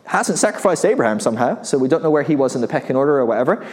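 Male preacher, casual sermon with rhetorical questions, mid-pitched voice, long hall reverb. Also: very animated, rapid-fire, darkish tone. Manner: conversational, rhetorical questions, chuckles.

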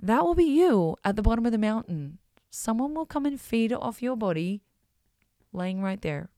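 A woman's voice: on the high side, very animated, normal speed, dark tone, no room sound, studio quality. A woman, a parent of school-age kids, talking in a blunt, emphatic, casual monologue and swearing freely. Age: adult parent of school-age kids.

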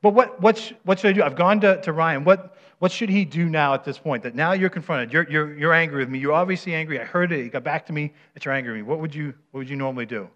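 A man's voice: a little high, fast talker, few pauses, fairly bright tone. A man preaching a conversational sermon, often checking in with the congregation with "right?" as he leads a live demonstration. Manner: asks the audience questions, often adds "right?". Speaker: pastor. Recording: dull, muffled recording.

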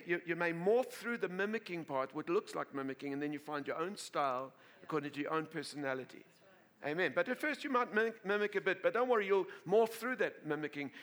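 In a fairly high-pitched voice, this male pastor preaches to a congregation, spinning an animated story punctuated by laughter and frequent repeated or restarted words.

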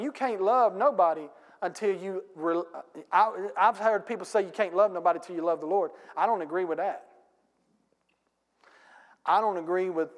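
High-voiced preaching man in a reverberant hall. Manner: folksy preaching with casual grammar; emphatic, rising to loud peaks. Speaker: pastor. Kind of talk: sermon. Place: church sanctuary. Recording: long church hall reverb.

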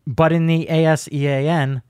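A man's voice: a little high, level tone, normal speed, a little mellow, clear, resonant tone, dry recording, studio quality, lightly acted. A man reading the lines of a stiff, formal male foreign leader on the phone, politely and with no put-on accent, as a comic read-through of a transcript.

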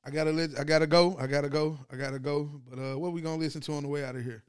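A man hosting his own podcast, talking sports in a loose, slangy monologue that swings from loud to low and subdued. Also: fairly even intonation, rapid-fire, smooth, no echo, clean studio sound. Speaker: podcast host. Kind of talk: casual sports talk monologue.

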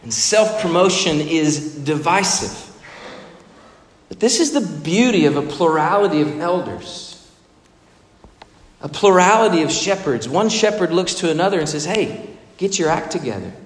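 A man preaching a sermon, expressive and emphatic, now and then acting out the voices in the stories he tells. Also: fairly high pitch, moderate pace. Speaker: pastor. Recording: echoey hall reverb.

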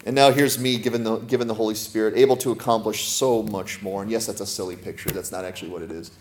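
A male pastor giving a sermon in a conversational style, asking the congregation questions, slowing down and softening to read scripture, and joking with laughter in between. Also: fairly low pitch, steady tone. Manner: slows and softens when reading scripture aloud.

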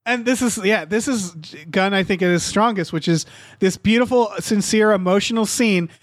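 A man co-hosting a casual podcast chat, talking in an animated, profane way and acting out quotes. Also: sits high, normal speed, no room sound, studio quality. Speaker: podcast co-host.

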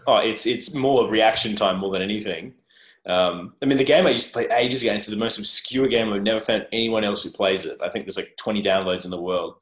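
A man's voice: lowish voice, brisk. A man with an Australian accent, a guest in a casual interview, joking about himself and rambling with restarts. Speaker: guest, journalist. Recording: roomy echo.

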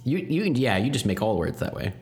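A man co-hosting a podcast in relaxed, chatty conversation, laughing easily. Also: mid-range voice, a little fast. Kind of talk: casual chat.

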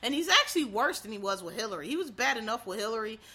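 Female solo commentator, forceful and bright, animated rambling delivery with profanity. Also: a little high, fast, husky. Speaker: political commentator.

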